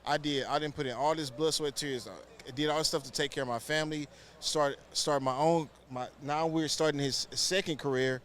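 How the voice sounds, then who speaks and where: A man from Houston, co-hosting a podcast and telling animated stories in casual chat. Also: on the high side, normal speed. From Houston, Texas. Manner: animated storytelling, acts out quotes. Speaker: podcast co-host.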